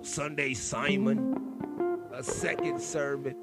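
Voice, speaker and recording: A man's voice: medium pitch, level tone, slow. An older man hosting his own podcast, rambling freely in a profane, self-mocking, philosophizing way. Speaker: podcast host. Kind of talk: rambling casual monologue. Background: guitar music.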